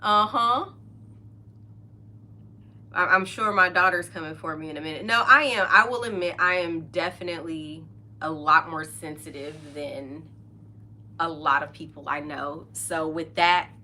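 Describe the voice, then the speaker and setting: A woman's voice: low voice, a little slow, pushed and bright, a little hiss or hum. A middle-aged woman hosting a podcast, chatting casually and openly, often laughing and trailing off mid-sentence. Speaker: podcast host. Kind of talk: casual chat.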